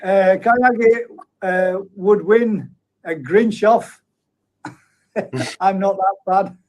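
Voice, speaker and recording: A man's voice: high voice, drawn-out words, darkish tone. A man hosting a live stream, chatting in a matey way and reading out viewer comments with frequent chuckles. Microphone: streaming setup at a computer.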